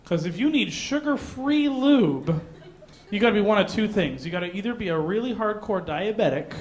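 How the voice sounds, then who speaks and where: A man from Canada doing a stand-up comedy set in a comedy club, mostly deadpan, with sudden loud put-on voices. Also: high-pitched, normal speed, slight background noise.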